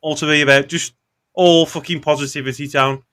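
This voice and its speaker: A man hosts a football fan phone-in in an upbeat, easygoing way, dropping "mate" into almost every sentence. His voice sits a little high. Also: fairly even intonation, fairly quick, pushed and bright. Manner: upbeat, says "mate" constantly. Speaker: phone-in host. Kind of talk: casual phone-in hosting.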